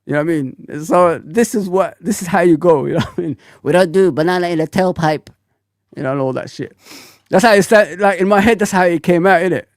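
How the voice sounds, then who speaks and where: A man in his forties hosting a fan livestream, talking bluntly in an animated, ranting way full of slang. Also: sits high, fast talker, no room sound, clean studio sound. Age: 40s. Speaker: football fan channel host. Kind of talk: casual livestream rant.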